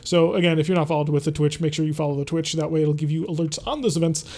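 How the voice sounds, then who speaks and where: A man's voice: fairly high pitch, fast, dark tone. A man streaming a strategy game, chatting casually, answering viewers' questions and talking through his choices as he plays. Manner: chatty, reads and answers chat while playing.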